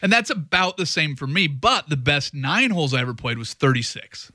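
A wry, joking man co-hosting a casual talk show who rattles through his asides. His voice is bright and sits a little high. It is recorded close on a dry studio mic. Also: expressive, fairly quick, no echo. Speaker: co-host. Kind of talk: casual chat.

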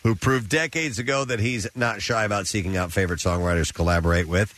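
A man's voice: lowish voice, quick pace, a bit bright. A man with a sore throat and the sniffles, hosting a morning radio show and reading entertainment news with asides.

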